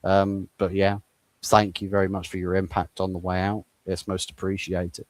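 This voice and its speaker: A man's voice: deep voice, completely flat delivery, normal speed, no room sound. A man giving opinionated football takes in a casual chat, often repeating words as he starts a thought. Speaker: co-host football pundit.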